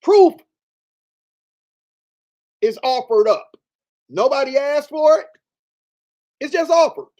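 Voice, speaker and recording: A man's voice: very high voice, lively intonation, slow pace, long pauses, darkish tone. A man hosting a commentary show, reading out text messages and answering them with emphatic repetition and rhetorical questions. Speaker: show host.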